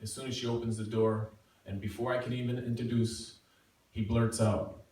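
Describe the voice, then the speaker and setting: Brief: middle-aged man, mid-pitched, self-mocking storyteller, recorded far off in a very echoey room. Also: normal speed. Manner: self-mocking, animated, acting out quotes. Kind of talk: live personal storytelling. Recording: echoey room, far from mic, faint noise.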